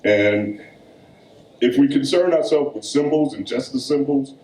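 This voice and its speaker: A man's voice: mid-range voice, a little mellow. Man reading poetry in an echoey room. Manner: slow, weighty reading, then loose conversational storytelling. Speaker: poet. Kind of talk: poetry reading and storytelling at a live event. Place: event room.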